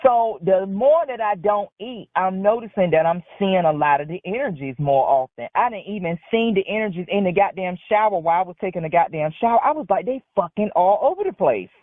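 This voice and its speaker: A woman's voice: mid-range voice, expressive, fairly quick, few pauses, dry recording. A woman calling in to a talk show, telling a rambling story bluntly and with heavy profanity. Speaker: caller. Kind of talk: casual phone-in storytelling. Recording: dry tinny phone line.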